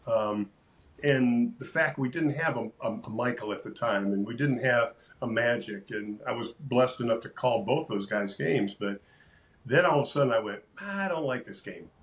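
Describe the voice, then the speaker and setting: An older sportscaster telling lively stories in a casual interview, acting out quotes and laughing often. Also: male voice, mid-range voice, moderate pace, rough recording. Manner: animated storyteller, acts out quotes, laughs often. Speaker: sportscaster guest.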